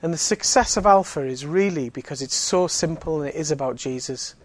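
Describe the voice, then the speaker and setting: A man with a fairly high voice gives a relaxed faith talk to a group. He speaks casually and fills his sentences with "you know". He also drops in teasing jokes. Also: a little fast, no echo. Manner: conversational, many fillers, joking asides. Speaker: Alpha course speaker. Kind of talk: evangelistic talk.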